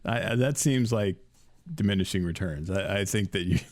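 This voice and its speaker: A man's voice: deep voice, normal speed. A man co-hosting a podcast in casual chat, dry and joking, laughing often. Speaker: podcast co-host.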